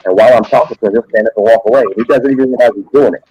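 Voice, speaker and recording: A man who teaches sixth-grade science, telling animated classroom stories in casual chat with restarts and repeats. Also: mid-range voice, rapid-fire, husky, no echo, poor audio. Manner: animated anecdotes with frequent repeats. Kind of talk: casual storytelling on a live stream.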